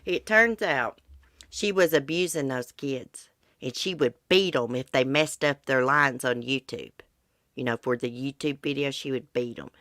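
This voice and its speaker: A woman's voice: rumbling low, unhurried, a bit bright, dry recording, studio quality. A congested middle-aged woman, hosting a casual livestream chat in a blunt, chatty way. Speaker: livestream host. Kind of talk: casual chat about true crime with live viewers.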